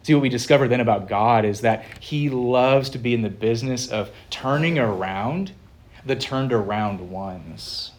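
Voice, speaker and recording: A man preaching a sermon as pastor, earnest, slowing down and swelling louder on the key phrases. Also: mid-range voice.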